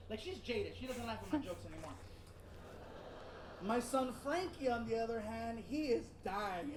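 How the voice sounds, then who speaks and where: A man's voice: very high-pitched, brisk, distant mic. A man telling a stand-up story, acting out the characters in it, recorded live on stage. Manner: animated, acts out characters. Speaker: stand-up comedian. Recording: echoey stage with loud audience noise.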